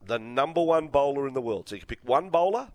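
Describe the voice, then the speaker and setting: A man's voice: medium pitch, lively intonation, fast, darkish tone, no echo. A male Australian sports radio co-host, opinionated and blunt, who gets fired up as he argues his point in a studio. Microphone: studio microphone.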